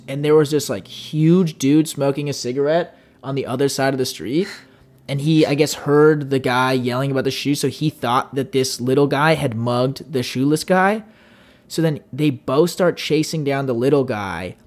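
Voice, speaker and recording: A man's voice: medium pitch, normal speed. A man co-hosting a podcast, telling a long anecdote in a casual, rambling way and acting out the people in it. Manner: rambling, animated, acts out voices with yelling. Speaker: podcast co-host. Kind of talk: casual storytelling chat.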